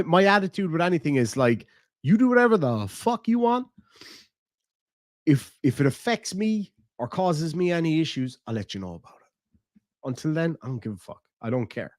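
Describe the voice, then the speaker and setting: A man's voice: fairly high pitch, dry recording, studio quality. An Irish man hosting a live stream, answering his chat in a blunt, casual way, swearing freely and laughing often. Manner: blunt, profane, laughs easily. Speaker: streamer host reading chat.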